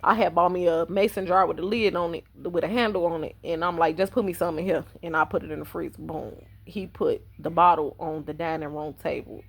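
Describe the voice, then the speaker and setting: A woman with a husky, slightly low voice tells a personal story on her vlog. She talks in a blunt, profane, conversational way, as if to friends. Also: steady tone, a little fast, few pauses. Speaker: vlogger. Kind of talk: casual storytime monologue.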